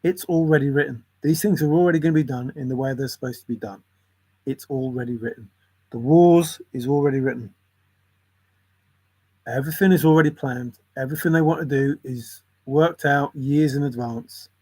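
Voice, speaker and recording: A man's voice: mid-range voice, normal speed, darkish tone, slightly rough. A man in a casual, rambling monologue, musing in a conspiratorial tone and often chuckling. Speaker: channel host.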